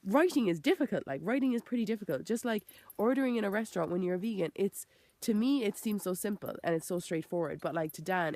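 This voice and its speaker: An Irish vegan vlogger with a chest infection speaks in a low, darkish voice, recorded with no echo. Her monologue rambles frankly, packed with "like," self-corrections and free swearing.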